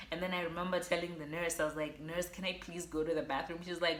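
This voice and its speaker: A young woman from Botswana telling a personal story to her viewers in an animated way, acting out what people said. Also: fairly low pitch, fast talker, hardly any pauses, echoey room, a little hiss or hum. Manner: animated, acts out quotes, addresses viewers as guys. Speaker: vlogger. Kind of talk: storytelling vlog.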